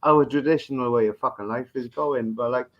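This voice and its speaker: A man's voice: mid-range voice, a little fast, muffled recording. A man hosting a podcast, ranting in a crude, profane, rambling comic manner. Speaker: podcast host. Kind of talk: crude comedic rant.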